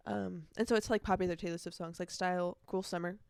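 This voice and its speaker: A woman's voice: lowish voice, steady tone, quick pace, creaky, darkish tone, smooth, dry recording. A young woman hosting her own casual podcast, rambling chattily and breaking into snatches of song. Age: young adult. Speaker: podcast host. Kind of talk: casual solo podcast chat. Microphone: earbuds.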